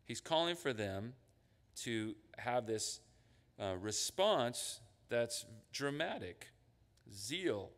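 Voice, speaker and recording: A male pastor preaching with a lively, swinging pitch, acting out voices of God and his listeners. His voice sits in the middle range. The sound carries a long church reverb. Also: drawn-out words. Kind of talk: sermon. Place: church sanctuary.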